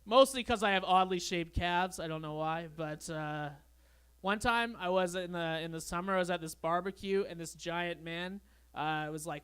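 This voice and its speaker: A young man doing a stand-up comedy set on a club stage, with a deadpan, awkward storytelling manner. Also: high voice, normal speed, clean tone. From Canada.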